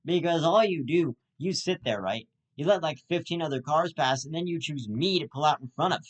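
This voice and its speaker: A man's voice: on the high side, fairly quick, poor audio. A man delivering a comic rant, angry and profane, often stammering and restarting his sentences. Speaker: comedic ranter.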